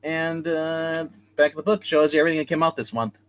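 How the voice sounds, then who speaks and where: A man runs a live comic book review stream, retelling a story in an easygoing, lively way and performing the characters' dialogue himself. His voice sits on the high side, with a brisk, clean tone.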